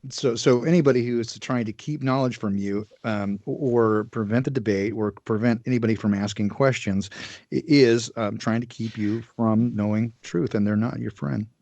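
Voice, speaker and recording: Halting man on a dull, dry recording. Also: mid-range voice, fairly even intonation, gravelly, a little mellow, no echo. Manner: halting, many fillers and restarts. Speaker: podcast guest. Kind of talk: casual podcast conversation.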